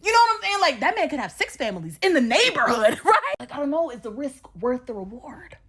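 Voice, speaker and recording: A woman giving a chatty, opinionated recap of a reality show, her voice sitting a little high. She talks in a sassy, animated way, swears freely and laughs often. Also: a little fast. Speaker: recap vlogger.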